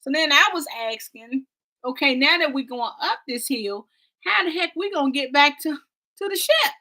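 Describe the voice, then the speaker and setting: Female vlog co-host, dramatic storyteller, bright tone. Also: high-pitched, normal speed. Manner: animated, dramatic storytelling with y'all and quoted voices. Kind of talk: casual travel storytelling.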